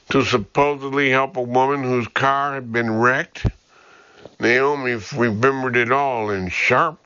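Slow, bright-toned male audiobook narrator. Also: on the low side, no room sound, muffled recording. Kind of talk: scripted fiction narration.

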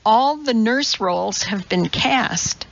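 A woman voicing a jittery male TV producer who stumbles and stammers over his words. He speaks slowly, with a gravelly edge, and the recording is slightly dull. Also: a little high, lively intonation, heavily acted. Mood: flustered. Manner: stammering, hesitant.

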